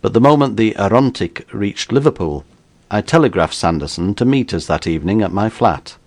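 A man reading an audiobook in a measured storytelling manner. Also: fairly low pitch, lively intonation, a little mellow. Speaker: narrator.

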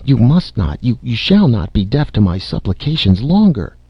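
A man voicing a distraught older aunt who pleads in a high, imploring, breathless voice, in a slightly dull lo-fi recording. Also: sing-song, normal speed, slightly rough, no echo. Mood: frantic pleading.

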